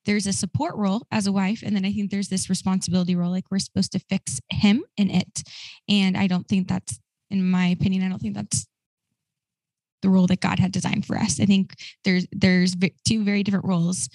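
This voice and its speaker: A woman's voice: mid-range voice, level tone, brisk, a little mellow, no echo, poor audio. A woman speaking earnestly as a guest in a casual podcast interview, sharing her experience. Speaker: guest, recovery ministry co-founder.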